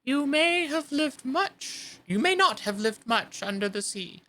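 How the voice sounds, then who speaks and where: A woman voicing a melancholy old male Mock Turtle, drawing out her words slowly with sighs. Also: high-pitched, animated, fairly bright tone, pitched above the performer's own voice, full character voice. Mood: mournful. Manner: slow, drawn-out, sighing delivery.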